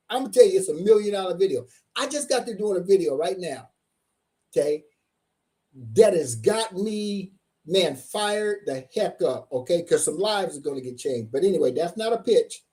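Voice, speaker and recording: A man's voice: high voice, animated, normal speed, mellow. A middle-aged man giving a live-streamed seminar as a tax coach, hyped up and asking "okay?" again and again. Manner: hyped-up, repeats "okay?" often.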